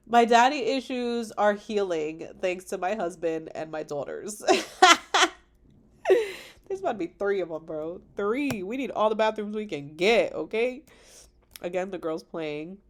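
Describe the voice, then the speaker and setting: A young woman vlogger chatting about her wedding photos, animated and slangy, laughing often, on a computer microphone. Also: mid-range voice, measured pace, pauses often. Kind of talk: casual chat over wedding photos.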